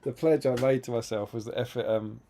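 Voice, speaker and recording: A man's voice: mid-range voice, a little fast, mellow. A man co-hosting a live stream, chatting casually and telling rambling stories with many restarts. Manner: rambling, self-interrupting storyteller, reads chat aloud. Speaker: stream co-host.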